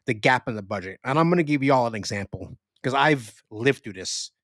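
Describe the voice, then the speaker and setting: A man hosting a podcast, talking in an animated way with laughs and swearing. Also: medium pitch, a little fast, no echo. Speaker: podcast host. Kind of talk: casual chat.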